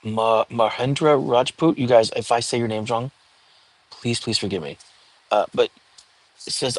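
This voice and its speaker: A man's voice: mid-range voice, lively intonation, normal speed, no room sound, low-quality recording. A middle-aged man hosting a casual livestream, chatting and answering viewer questions from the comments. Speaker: livestream host.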